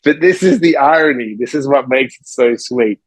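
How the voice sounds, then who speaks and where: A man who is a life coach and author, telling a story in a podcast conversation with lively energy and acting out the people in it. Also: medium pitch, moderate pace, dry recording, poor audio. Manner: energetic, acts out the people in his stories.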